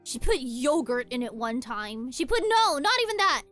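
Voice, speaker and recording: A young woman streaming a game from home, telling rambling stories in a casual, animated way. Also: high voice, moderate pace, soft background music. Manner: animated rambling storytelling with frequent laughs. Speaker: VTuber streamer. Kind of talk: casual chat while playing a game.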